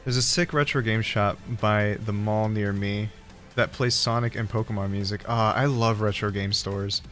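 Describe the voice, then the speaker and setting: A man's voice: on the low side, steady tone, moderate pace, a bit bright. A man streaming, chatting casually in a joking, rambling way, often laughing at his own jokes. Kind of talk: casual chat. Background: faint background music.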